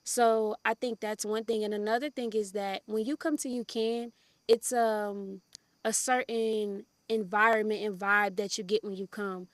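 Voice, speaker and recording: A woman's voice: mid-range voice, measured pace, no room sound. A woman who helps at a community garden, chatting casually in an interview and often saying "like" and "um". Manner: relaxed, many fillers like "like" and "um".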